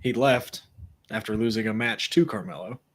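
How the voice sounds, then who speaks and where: A man co-hosting a podcast, asking quick questions and making blunt, joking remarks about wrestling. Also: on the low side. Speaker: podcast co-host. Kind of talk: casual wrestling chat.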